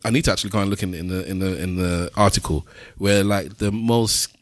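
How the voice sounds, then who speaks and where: A man's voice: low-pitched, steady tone, a little fast, no echo, clean studio sound. A man co-hosting a podcast, musing in easygoing casual chat. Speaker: podcast co-host.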